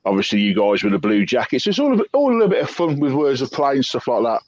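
A man's voice: medium pitch, very animated, quick pace, darkish tone, muffled recording. A British man, a beard club board member, chatting jokily and rambling. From United Kingdom. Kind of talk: casual chat.

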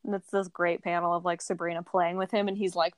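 Lively woman recapping a comic, dry mic. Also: on the low side, no room sound. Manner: animated, acts out characters' lines in quick voices. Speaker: podcast co-host. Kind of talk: casual chat recapping a comic.

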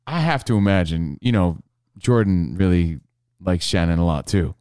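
A man's voice: low-pitched, expressive, moderate pace, darkish tone, clean tone, no echo, clean studio sound. A man co-hosting a podcast in casual chat, joking and acting out others' voices. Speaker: podcast co-host.

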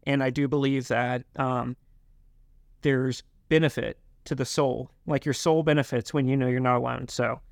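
A young man telling his life story in an interview, halting, with many fillers and restarts. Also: medium pitch, fairly even intonation, gravelly, dry recording, studio quality. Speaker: guest. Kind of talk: reflective interview talk.

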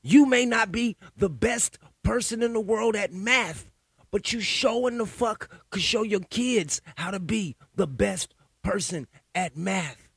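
A man's voice: sits high, a little slow, a bit bright, husky, no echo. A man ranting alone in a heated, profane, conspiratorial way, repeating himself and building up steam. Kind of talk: profane solo rant.

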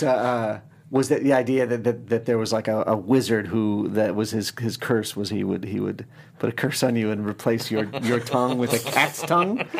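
A man's voice: medium pitch, noisy background. A man telling stories as a filmmaker guest in casual chat, rambling and restarting, laughing and acting out quotes.

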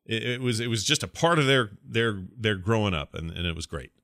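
Man with a bright, forceful voice hosting a podcast. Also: lowish voice, fairly quick, no room sound, clean studio sound. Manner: relaxed, rambling, laughs easily. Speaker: podcast host. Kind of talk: casual podcast chat.

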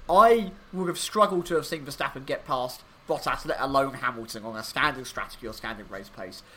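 A man co-hosting a podcast, talking through his racing analysis in a rambling, animated way with many fillers. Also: on the high side. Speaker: podcast co-host. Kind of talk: casual motorsport podcast chat.

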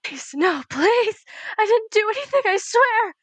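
A woman voicing a terrified kidnapped young woman who pleads in pain, her voice raised high. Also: sing-song, a little slow, fairly bright tone, dry recording, exaggerated voice. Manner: pleading, sobbing, raised pitch.

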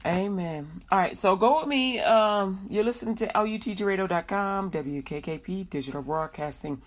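A woman hosting a Christian radio show, mixing slow, drawn-out prayers with chatty talk and frequent laughter. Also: mid-range voice.

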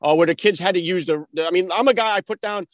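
Man, podcast host, fast talker, high voice, dry studio sound, rambling questions. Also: no echo. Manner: chatty, rambling questions with restarts. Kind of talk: interview questions.

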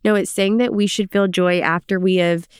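A woman's voice: medium pitch, moderate pace, clear, resonant tone, no echo, studio quality. A woman co-hosting a casual faith podcast, chatting with many fillers, reading scripture aloud and explaining it. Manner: chatty, many "like" fillers, animated when retelling. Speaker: podcast co-host.

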